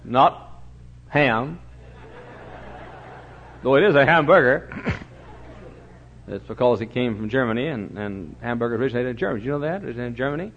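An older man preaching a sermon in a church, telling stories and swinging from booming shouts to low, quiet asides. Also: animated, a little fast, long pauses, slight background noise. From Texas. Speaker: pastor. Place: church sanctuary. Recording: dull lo-fi recording.

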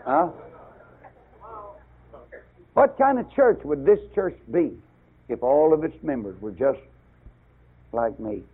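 An older preacher delivers a fiery sermon, climbing to loud, emphatic bursts before dropping low. His voice sits a little high and has a husky grain. It comes over a tinny, lo-fi radio broadcast. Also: sing-song, slow, long pauses.

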